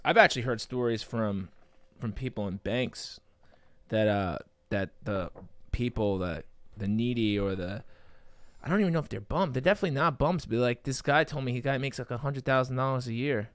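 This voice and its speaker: Rambling, animated male podcast co-host. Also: mid-range voice, moderate pace, no echo. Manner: rambling, animated storyteller with many fillers. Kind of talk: casual podcast chat.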